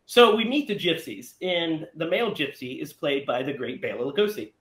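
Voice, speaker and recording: Animated high-voiced man in an echoey room. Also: normal speed. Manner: animated, laughs often, recaps plots. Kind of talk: casual movie discussion.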